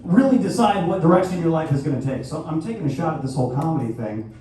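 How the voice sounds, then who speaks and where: Animated man doing stand-up in an echoey hall. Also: a little high, quick pace. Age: 30s. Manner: crude, animated storytelling with sudden loud outbursts. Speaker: stand-up comedian. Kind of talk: stand-up set. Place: live venue hall. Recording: echoey hall from far off, faint noise.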